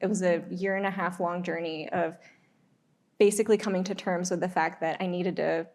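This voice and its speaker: A woman attorney speaking candidly and in measured steps on an alumni panel, with frequent ums. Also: lowish voice, fairly even intonation, a little mellow. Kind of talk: reflective panel talk.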